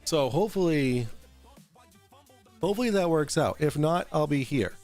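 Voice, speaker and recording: A man's voice: on the high side, animated, normal speed, a little mellow. A man runs a casual livestream show, reading viewer super chats aloud. He rambles, restarts his sentences, swears freely and breaks into laughter often. Faint music plays in the background. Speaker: livestream talk show host.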